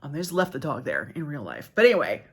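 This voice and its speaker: Rambling, lively-voiced woman vlogger. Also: sits low, fast talker, slightly rough. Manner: rambling, self-interrupting, laughing at herself. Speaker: book vlogger. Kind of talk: casual vlog chat. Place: backyard outdoors.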